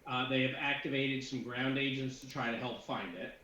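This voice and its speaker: A man's voice: medium pitch, fairly even intonation, normal speed, sharp tone. A man narrating as game master for a tabletop game with his players, rambling with many fillers and restarts. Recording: echoey room, dull lo-fi sound, faint noise.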